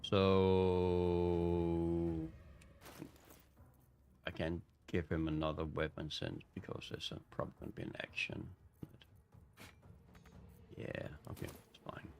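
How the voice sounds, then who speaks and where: Low-voiced male gaming streamer. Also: fairly even intonation, a little hiss or hum. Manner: rambling, halting, self-correcting. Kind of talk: casual let's-play commentary.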